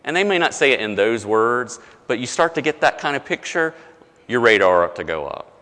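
A man preaching a conversational sermon as pastor, often dropping low and soft to stress a point. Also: very animated, moderate pace, big-room sound.

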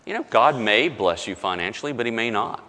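A man preaching a conversational sermon as pastor, often dropping low and soft to stress a point. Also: expressive, fairly quick, big-room sound.

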